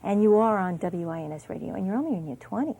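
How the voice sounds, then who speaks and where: A woman's voice: medium pitch, animated, fast talker, mellow, a little hiss or hum, rough recording. A woman hosting an interview, asking conversational questions and steering the talk. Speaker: interviewer, host.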